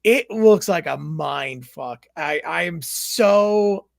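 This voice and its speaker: An excitable man co-hosting a gaming podcast who stammers as he restarts his sentences. His voice is gravelly and a little higher than average. The recording is dry and close. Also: slow pace, dry recording. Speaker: podcast co-host. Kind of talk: casual gaming chat.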